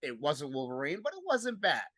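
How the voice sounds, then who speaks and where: A man's voice: on the high side, huge pitch swings, normal speed, a bit bright, dry recording. A man with a Brooklyn accent hosting a casual podcast chat, rambling and repeating himself. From Brooklyn, New York. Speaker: podcast host.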